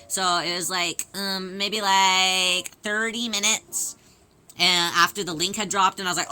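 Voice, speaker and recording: Bright, excitable young-sounding streamer woman. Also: on the low side, soft background music. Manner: playful and excitable, repeats phrases in rapid bursts; rambling, with frequent restarts and fillers. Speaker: live streamer chatting with viewers. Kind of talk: casual live-stream chat while sewing.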